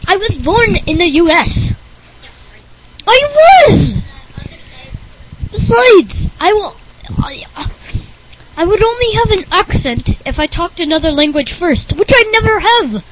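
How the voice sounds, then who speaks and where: A male speaker voicing a nerdy, clingy boy who insists he talks normally, high and strained. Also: big pitch swings, takes it slowly, pauses often, noisy background, full character voice. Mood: defensive.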